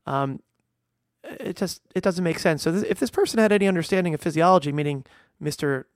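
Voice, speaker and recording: A man's voice: a little high, fairly quick, no room sound, clean studio sound. A middle-aged man, a veterinarian, talking casually and earnestly, stressing points with restarts and fillers. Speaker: veterinarian and podcast host. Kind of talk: casual monologue.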